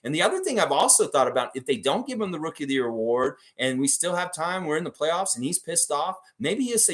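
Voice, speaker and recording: Excitable fortysomething male fan host, swears a lot, rambles, slightly high voice. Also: fast, few pauses. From Florida. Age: 40s. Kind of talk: casual sports fan commentary.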